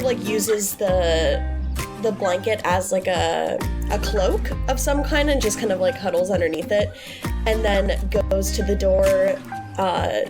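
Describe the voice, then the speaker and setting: A woman playing a tabletop role-playing game, describing her character's actions with many likes and ums. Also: mid-range voice. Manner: hesitant, full of likes and ums, laughing. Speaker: player.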